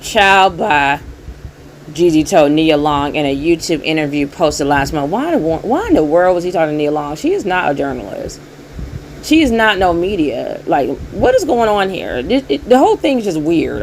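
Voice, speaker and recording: A young woman, hosting a casual commentary show in a sarcastic, rambling, animated way. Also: fairly low pitch, slight background noise, rough recording. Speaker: commentary channel host.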